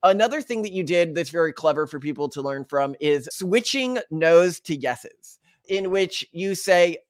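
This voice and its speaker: A man's voice: on the high side, animated, moderate pace, dry recording, clean studio sound. A young man hosting an interview, breaking down his guest's sales tactics with some hesitant restarts. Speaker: podcast host. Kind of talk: interview conversation.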